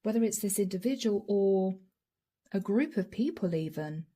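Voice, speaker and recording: Tarot reader, woman, mellow husky voice, earnest and emotional, slips into whispers. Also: mid-range voice, lively intonation, normal speed. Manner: earnest, emotional, addresses viewers directly; drops to soft whispers. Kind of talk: channeled tarot reading.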